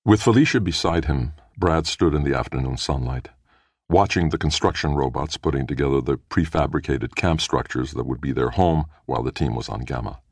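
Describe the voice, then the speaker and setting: A man narrating an audiobook in a measured way, lifting his voice a little for the characters' lines. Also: breathy edge, no echo, clean studio sound. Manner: measured, lightly voices characters with a raised pitch. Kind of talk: scripted narration.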